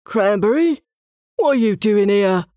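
A woman's voice: mid-range voice, expressive, unhurried, mellow, dry recording, studio quality, natural voice. A woman voicing a puzzled, short-sighted male rhino who mumbles to himself, in a storybook reading.

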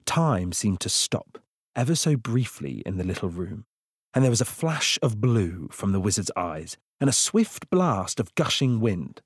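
A man narrating a children's storybook in an expressive, unhurried reading. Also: lowish voice, husky, no room sound, studio quality. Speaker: audiobook narrator.

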